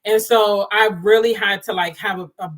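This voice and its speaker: A woman's voice: medium pitch, normal speed. A woman, talking straight to her viewers and laughing often. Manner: animated, laughs often, talks to viewers as y'all. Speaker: livestream host. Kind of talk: casual chat.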